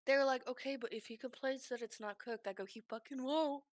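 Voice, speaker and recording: A woman streamer telling work stories in casual chat, animated and swearing freely. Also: on the high side, fast talker, no echo, studio quality.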